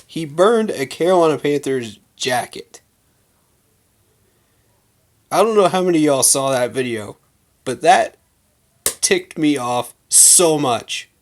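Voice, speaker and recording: A man hosting a fan channel, giving a heated, emphatic rant full of slang to his viewers. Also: a little high. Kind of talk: casual fan rant to camera.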